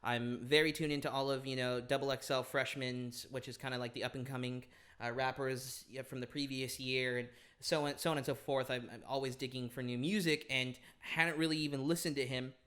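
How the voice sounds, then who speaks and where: A man's voice: mid-range voice, a little fast, hardly any pauses. Chatty young man full of ums. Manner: animated, laughs often, many ums and restarts. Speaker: podcast guest. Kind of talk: casual chat.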